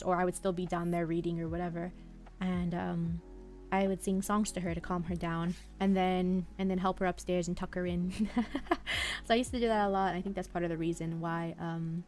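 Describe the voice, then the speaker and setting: A young woman streaming live, chatting softly and calmly, with a quiet, slightly mumbled way of talking and wandering thoughts. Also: lowish voice, brisk, soft background music. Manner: soft-spoken, mumbling, drifting thoughts. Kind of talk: relaxed live-stream chat. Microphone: headphones half off, desk mic.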